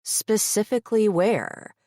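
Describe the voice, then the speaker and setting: Defiant young siren woman voiced by the narrator, sharp and demanding, dry close audiobook sound. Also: medium pitch, slow pace, no room sound, pitched above the performer's own voice, close to an everyday voice. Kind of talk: audiobook character voice.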